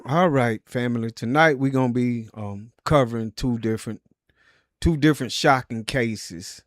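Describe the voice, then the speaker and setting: A man's voice: medium pitch, moderate pace, no echo, studio quality. Laid-back man hosting a livestream show. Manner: relaxed, affirming, laid-back. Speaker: talk show host. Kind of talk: casual livestream chat.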